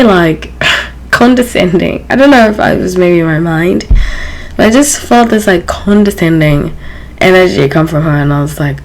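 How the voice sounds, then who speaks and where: A woman's voice: on the low side, a little slow, low-quality recording. Chatty woman telling a story. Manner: chatty, lots of fillers. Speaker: channel host. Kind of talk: casual storytelling.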